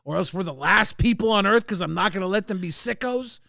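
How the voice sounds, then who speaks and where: A man's voice: sits high, a little fast, gravelly, dry recording, studio quality. A man co-hosting a stream in casual chat, crude and joking, rambling between topics. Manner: bursts into loud ranting. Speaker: co-host of a commentary stream.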